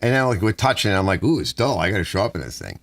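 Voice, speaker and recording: A man's voice: low-pitched, big pitch swings, racing, creaky, fairly bright tone. A middle-aged man telling meandering personal stories and acting out the dialogue of the people in them. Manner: meandering, acts out dialogue, frequent restarts. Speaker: channel host. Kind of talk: rambling personal storytelling.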